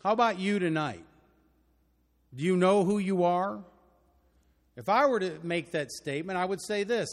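An older man with a Texan accent preaching a sermon, earnest and emphatic, building to loud declarations. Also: sits high, normal speed, long pauses, in a large hall. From Texas. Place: church auditorium.

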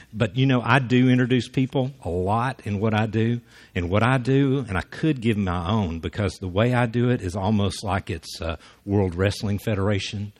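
Folksy low-voiced man speaker. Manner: folksy, acts out quoted voices. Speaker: guest speaker. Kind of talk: storytelling talk to a church audience.

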